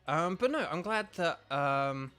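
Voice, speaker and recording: A man's voice: on the high side, animated, measured pace, fairly bright tone, clear, resonant tone, soft background music. A man streaming a video game, chatting casually with viewers in a rambling, enthusiastic way full of fillers. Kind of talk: casual live-stream chat.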